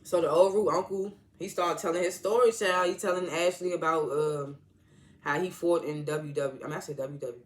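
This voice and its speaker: Male reviewer, casual and rambling, slightly high voice, leans on fillers and restarts. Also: steady tone, moderate pace. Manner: rambling, heavy use of "like", restarts; slangy, informal grammar. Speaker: TV episode reviewer. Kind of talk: casual episode recap.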